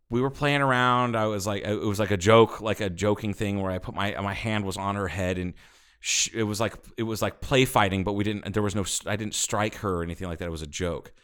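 A middle-aged man and podcast co-host telling a story in casual chat, animated, swearing and laughing as he goes. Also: lowish voice, clear, resonant tone.

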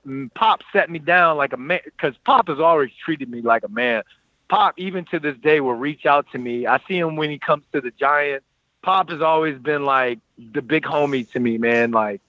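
A man in his thirties casually telling a personal story, animated and acting out what others said. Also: fairly high pitch, dry recording, lo-fi sound. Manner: animated, quotes people in lively voices.

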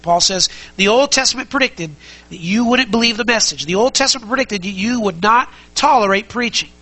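A man's voice: high-pitched, pushed and bright, rough recording. A man preaching a sermon as pastor, conversational and emphatic, asking the congregation many rhetorical questions and repeating key phrases.

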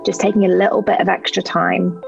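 A woman's voice: lowish voice, flat delivery, fairly quick, creaky, muffled recording, music in the background. A woman, a podcast guest talking candidly, earnest and thoughtful as she searches for words. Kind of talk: candid interview talk.

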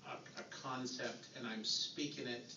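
A man, a pastor in the congregation, answering slowly and hesitantly with many fillers, recorded from across a church hall. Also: mid-range voice, steady tone. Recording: distant, roomy, dull, noisy.

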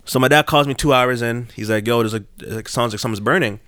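A man's voice: fast talker, fairly bright tone, clean tone, no echo, clean studio sound. Laid-back young man telling a story. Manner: laid-back, rambling, laughs into high-pitched bursts. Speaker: podcast host. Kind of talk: casual storytelling chat.

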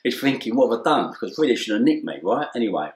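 In an echoey room, a middle-aged man from England, here as an interview guest, races through an anecdote at a very fast clip. His pitch is medium. He tells it with animation in a casual conversational tone, voicing the dialogue himself and laughing frequently.

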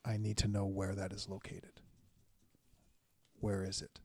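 A man playing a high cleric, speaking in a formal, measured and earnest way. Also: completely flat delivery, darkish tone.

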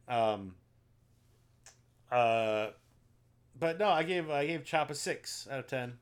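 Speaking at a measured pace with frequent pauses, this man has a smooth, mid-range voice. As co-host of a casual podcast, he rambles through lengthy movie plot recaps full of ums and likes.

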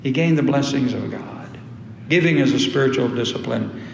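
A man's voice: medium pitch, moderate pace, creaky, slight background noise. A man preaching a sermon to his congregation, emphatic and repeating key phrases. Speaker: pastor. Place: church sanctuary. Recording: echoey hall.

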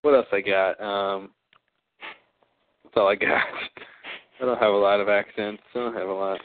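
A man from Idaho chatting casually, playful and quick to laugh, trying out accents. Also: on the low side, fairly even intonation. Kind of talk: casual chat. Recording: dry, phone-like narrow sound.

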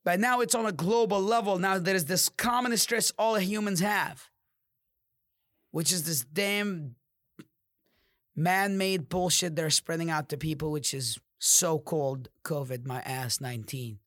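A man hosting a podcast, delivering a profane, fired-up motivational monologue that drops into low growls. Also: a little slow, fairly bright tone, dry recording, studio quality. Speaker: podcast host.

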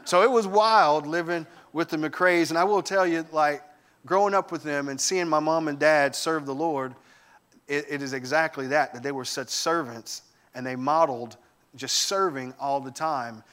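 A man giving a sermon, telling lively family stories with humor and enthusiasm. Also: on the high side, moderate pace. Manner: animated storytelling with humor. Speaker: guest preacher.

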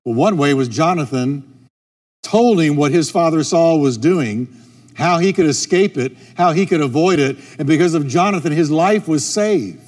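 A middle-aged pastor preaches a sermon, hammering his points home by repeating key phrases. His voice is fairly high with lively intonation at a normal speed, and the recording has long reverb with soft music.

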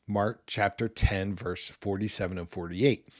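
A man's voice: fairly low pitch, steady tone, measured pace. A man hosting a devotional podcast, teaching in an earnest, conversational way with the odd small laugh. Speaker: podcast host.

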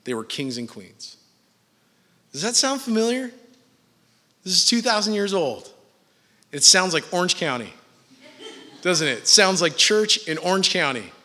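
A man's voice: sits high, big pitch swings, unhurried, pauses often, pushed and bright, big-room sound. A man preaching a sermon in a church, casual and joking with his listeners between points. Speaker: pastor.

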